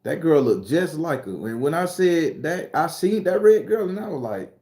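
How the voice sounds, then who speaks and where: A middle-aged man from South Carolina, casually telling stories and answering viewer comments on a livestream in a loud, profane, laughing way. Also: a little high, moderate pace. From South Carolina, USA. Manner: animated, profane, laughing storyteller. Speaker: YouTube tarot reader and storyteller. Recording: roomy echo.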